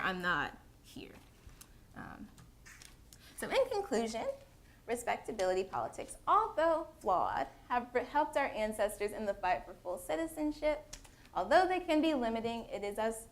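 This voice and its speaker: Young woman presenting with many fillers. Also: mid-range voice. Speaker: student presenter. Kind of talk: conference presentation.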